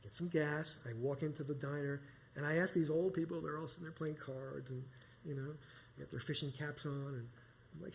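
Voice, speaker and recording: A man's voice: fairly high pitch, fairly quick, gravelly, a little mellow, slight background noise. A middle-aged man from New York telling a personal story live, rambling and conversational with many restarts. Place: small performance space.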